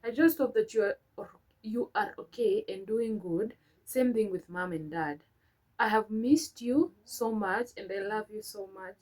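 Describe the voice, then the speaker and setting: In a rough recording, a young woman with a medium-pitched, slightly mellow voice reads at a measured pace. She's a vlogger going through her old letters aloud, breaking off between read lines for sentimental, chatty remarks.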